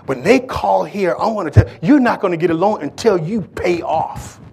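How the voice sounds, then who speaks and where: A harsh, rasping woman loan officer, as a male preacher acts her out, jeering down a phone line. Her voice rises high and sharp as she mocks the caller. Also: expressive, normal speed, full character voice. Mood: scornful. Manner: scornful and mocking.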